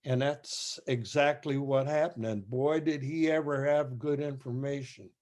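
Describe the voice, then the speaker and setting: An older man telling stories as a guest musician, halting and rambling with many restarts. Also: medium pitch, fairly even intonation, darkish tone. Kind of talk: casual storytelling.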